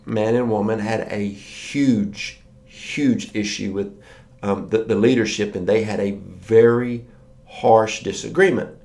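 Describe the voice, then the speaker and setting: A man's voice: fairly low pitch, a little mellow. Storytelling man preaching a morning sermon. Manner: conversational storytelling, acts out quoted voices.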